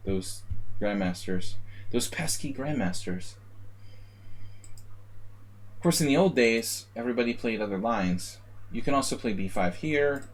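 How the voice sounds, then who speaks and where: A man's voice: medium pitch, expressive, unhurried, pauses often. A man streaming live chess analysis, rambling and joking at his own expense while calling out moves, a little tipsy from a beer. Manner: rambling, self-mocking, calls out moves in chess notation.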